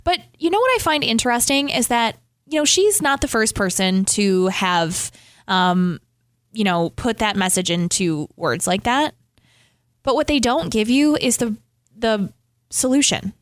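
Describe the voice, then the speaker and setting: A woman's voice: fairly high pitch, lively intonation, unhurried, dry recording, studio quality. A woman co-hosting a casual chat, talking emphatically and swearing casually. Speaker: co-host.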